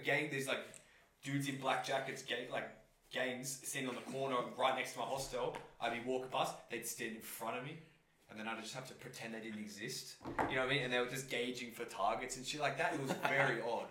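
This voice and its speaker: A man's voice: mid-range voice, a little fast, roomy sound, recorded from a distance, a little hiss or hum. A young man in casual podcast chat, telling stories with swearing and slang and acting out the voices of people he met. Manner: animated storytelling, swearing slang, acts out voices.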